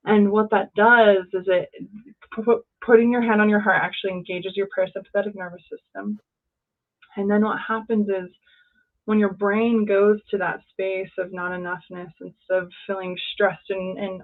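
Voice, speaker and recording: A woman's voice: medium pitch, steady tone, moderate pace. A woman life coach speaking as an interview guest, earnest and encouraging, in short phrases over a remote call. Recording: tinny phone-like line.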